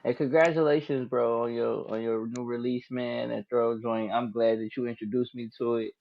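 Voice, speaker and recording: Laid-back gravelly man, dull lo-fi sound. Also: mid-range voice, fairly even intonation, moderate pace, no room sound. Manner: laid-back, repeats "you feel me". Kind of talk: casual podcast chat.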